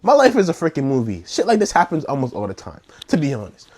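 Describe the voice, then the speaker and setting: A young man telling a wild story in a slangy, animated vlog, acting out the scenes. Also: a little high, fast talker. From New York.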